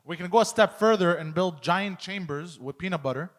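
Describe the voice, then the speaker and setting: High-voiced deadpan man in a reverberant room. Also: fairly quick. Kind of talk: casual comedy podcast banter.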